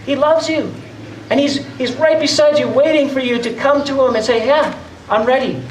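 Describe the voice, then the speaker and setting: A man's voice: extremely high pitch, moderate pace. A man preaching a sermon as pastor in a conversational way, often acting out the voices of doubters. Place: church hall. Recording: roomy echo, mic at a distance.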